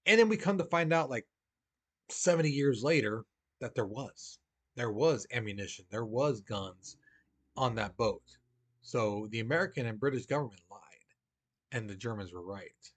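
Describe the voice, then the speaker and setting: A man's voice: mid-range voice, expressive, normal speed. Casual male history teacher. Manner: casual and conversational, acts out quoted voices. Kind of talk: recorded history lesson.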